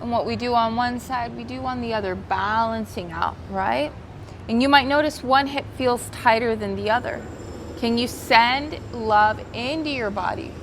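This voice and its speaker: A woman teaching a guided yoga class outdoors by the ocean, giving gentle, soothing, unhurried cues and slipping into Spanish now and then. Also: a little high, a little hiss or hum. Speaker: yoga instructor.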